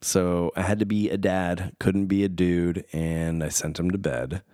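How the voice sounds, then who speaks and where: Low-voiced dad rambling casually. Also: male voice, fairly even intonation, unhurried, mellow, no echo, studio quality. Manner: meandering, self-deprecating, goes off on tangents. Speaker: podcast host, father. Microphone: studio microphone.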